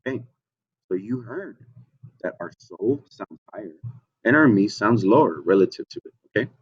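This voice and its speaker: A man's voice: fairly low pitch, animated, moderate pace, husky. Patient male music teacher, lo-fi sound. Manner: patient, repeats "okay?" often, checks in with the children. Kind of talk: online music lesson for children.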